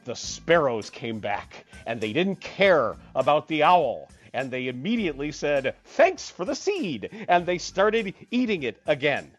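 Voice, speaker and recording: A comic storyteller ranting in an exasperated, animated way and acting out each voice in the story. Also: medium pitch, unhurried, soft background music.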